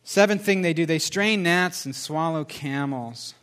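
A man delivers a lively sermon in a slightly high voice. He punches key phrases loudly, then drops into hushed, confiding tones. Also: unhurried, clean tone. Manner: animated preacher, swings from loud emphasis to soft confessional tones. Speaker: pastor.

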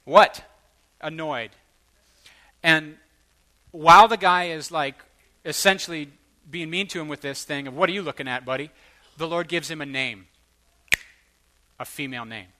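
Animated preacher man, bright voice. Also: on the high side, normal speed, long pauses. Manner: animated, acts out quoted voices, rising to loud bursts. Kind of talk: sermon storytelling.

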